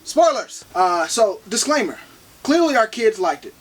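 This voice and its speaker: A man in his thirties co-hosting a casual movie review podcast, animated and playful, talking fast with lots of restarts. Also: high-pitched, recorded from a distance, noisy background. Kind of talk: casual chat.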